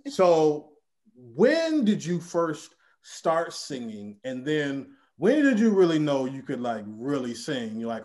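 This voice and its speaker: A man hosting a casual podcast interview, animated and chatty. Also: a little high, a little slow. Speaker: podcast host.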